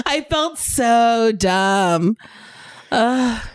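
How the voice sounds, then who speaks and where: A woman guest on a podcast in casual chat, animated and self-deprecating, laughing easily. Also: a little high, dry recording, studio quality.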